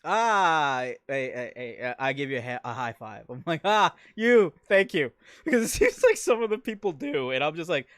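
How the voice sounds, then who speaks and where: Excitable male interviewer, dry sound. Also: medium pitch, normal speed, dry recording. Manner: excitable, laughs often, swears freely. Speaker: interviewer and streamer. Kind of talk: casual chat.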